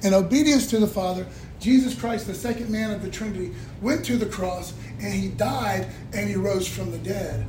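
Male pastor, high voice, folksy call-and-response sermon, echoey church with faint hiss. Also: normal speed, darkish tone. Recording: echoey room, faint room noise.

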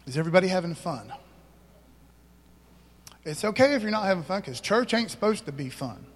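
High-voiced preacher man in a reverberant church. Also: expressive, brisk. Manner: casual, conversational preaching with slang and rhetorical questions. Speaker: pastor. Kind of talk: sermon. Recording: long hall reverb.

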